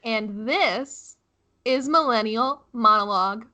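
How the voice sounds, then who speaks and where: A woman's voice: fairly high pitch, slow, pushed and bright. A young woman co-hosting a casual chat podcast, giggly and prone to tangents. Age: young adult. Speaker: podcast co-host.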